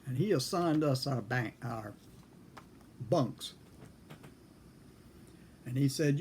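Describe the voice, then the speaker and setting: A man in his seventies casually telling a story from his service days, unhurried and chuckling now and then. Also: mid-range voice, lively intonation, darkish tone, a little hiss or hum. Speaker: storyteller recalling military service.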